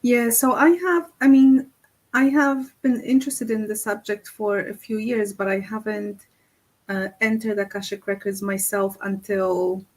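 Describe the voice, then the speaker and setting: A woman's voice: mid-range voice, steady tone, measured pace, poor audio. Hesitant woman hosting a podcast. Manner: hesitant, many fillers and restarts. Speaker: podcast host, spiritual medium and healer. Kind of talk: casual podcast chat.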